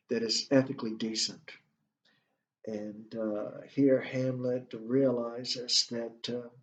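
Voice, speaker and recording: Slow, halting male lecturer. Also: mid-range voice. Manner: halting, many fillers and restarts. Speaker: literature instructor. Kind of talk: recorded lecture. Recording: echoey room, dull lo-fi sound.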